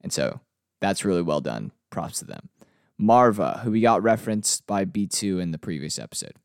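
Man, low voice, gravelly, smooth, casual show review, filler-heavy chat, dry close sound. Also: normal speed, no room sound. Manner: relaxed, chatty with frequent ums and uhs. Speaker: TV review host.

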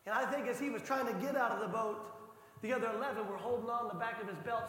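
High, bright-voiced preaching man in echoing hall. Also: fast talker. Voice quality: passionate, rising to shouts for emphasis. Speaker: pastor. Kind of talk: sermon. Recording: echoey hall reverb.

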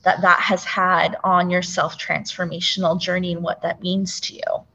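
A woman's voice: on the low side, little pitch movement, moderate pace, pushed and bright, dull audio. A woman co-hosting a podcast, asking hesitant questions full of fillers. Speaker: podcast co-host. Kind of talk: casual podcast conversation.

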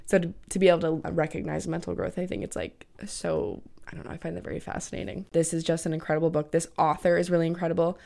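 A woman's voice: lowish voice, little pitch movement, quick pace, vocal fry, few pauses, mellow. A young woman in her twenties hosting a casual solo podcast, chatty and peppering her talk with "like" and the odd swear word. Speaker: podcast host.

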